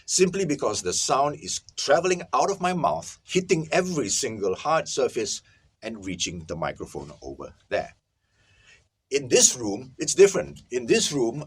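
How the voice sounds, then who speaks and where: A man with a husky, somewhat low voice gives an animated video lesson from a small soundproofed booth. His pitch swings widely as he explains, and he keeps checking in with viewers. He is recorded on a camera-mounted microphone rather than a lapel mic. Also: moderate pace. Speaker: host teaching audio recording.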